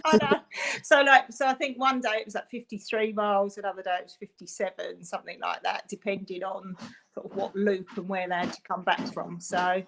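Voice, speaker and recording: A woman's voice: mid-range voice, steady tone, a little fast, creaky, a bit bright, slight background noise, poor audio. A woman, a parent chatting on a video call, rambling with lots of fillers. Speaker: parent of a fundraiser. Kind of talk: casual chat on a video call.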